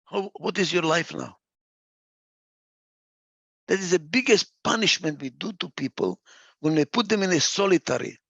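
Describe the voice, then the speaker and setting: Gravelly, emphatic man giving a talk. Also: sits high, expressive, normal speed, pauses often, sharp tone, no echo. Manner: emphatic, repeats key phrases for stress; gets lost for a word and restarts. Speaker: speaker. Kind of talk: reflective spoken talk.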